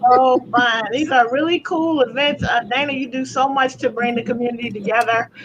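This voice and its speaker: A woman's voice: a little high, fairly even intonation, a little fast. Cheerful woman co-host, dull hissy audio. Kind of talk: casual live-stream chat. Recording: dull stream audio with hiss.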